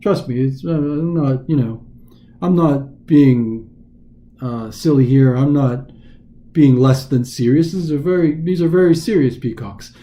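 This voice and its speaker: A man's voice: medium pitch, a little slow, mellow, close to an everyday voice. A man voicing a joking, self-assured young male artist who defends himself in a breezy, mock-earnest way.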